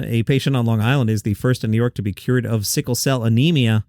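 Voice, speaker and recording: A man's voice: medium pitch, steady tone, quick pace, a little mellow, no room sound, clean studio sound. A man hosting a light news round-up, chatty with joking asides. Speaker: host. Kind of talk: upbeat news round-up with jokes.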